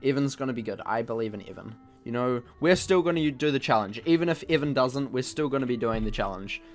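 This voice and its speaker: A man's voice: mid-range voice, expressive, fast talker, faint music behind. A man giving casual, jokey commentary while playing a video game, mocking himself and exclaiming at what happens. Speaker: gaming channel host.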